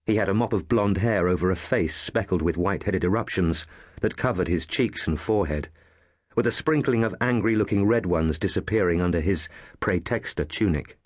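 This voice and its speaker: A man narrating an audiobook novel in a measured, even storytelling manner. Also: deep voice, slightly rough, no echo, studio quality. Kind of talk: scripted narration.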